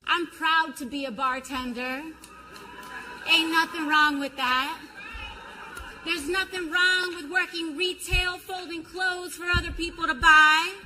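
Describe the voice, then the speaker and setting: A woman's voice: very high-pitched, fairly even intonation, a little slow, bright, forceful tone, a little hiss or hum, low-quality recording. A female politician speaking publicly in a put-on folksy accent.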